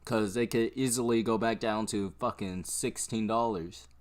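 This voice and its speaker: A man's voice: lowish voice, fairly even intonation, normal speed. A young man from Arizona giving casual, profane live stock trading commentary, with frequent laughing asides.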